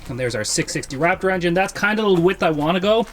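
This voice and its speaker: A man's voice: high voice, expressive, quick pace. A man casually narrating his garage build in an offhand, joking way, with the odd swear. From Canada. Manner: joking, offhand, mildly profane. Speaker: vlogger building a drag lawnmower. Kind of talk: casual workshop vlog. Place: home garage workshop. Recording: echoey garage, faint noise.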